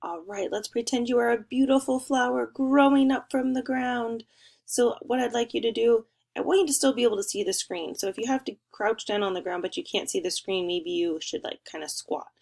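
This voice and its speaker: A young woman teacher leading a remote spelling lesson for first graders, encouraging and sing-song, stretching words out slowly. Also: fairly high pitch, fairly even intonation, vocal fry, darkish tone.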